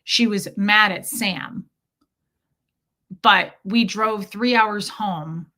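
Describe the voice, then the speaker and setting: A woman's voice: mid-range voice, very slow, bright, forceful tone. A woman in her thirties telling a candid personal story to her live chat, swearing freely and answering viewers by name. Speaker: streamer.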